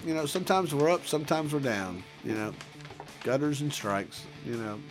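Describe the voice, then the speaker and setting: A man's voice: fairly high pitch, animated, moderate pace, music in the background. A middle-aged man co-hosting a podcast, trading crude jokes and laughing often. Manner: laughs often, profane and joking. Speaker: podcast co-host. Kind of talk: crude casual banter.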